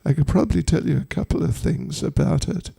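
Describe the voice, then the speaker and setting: A man's voice: a little high, fairly quick, gravelly, mellow, breathy edge. A man, a spiritual teacher, telling a devotional story to an audience with humorous, chatty asides.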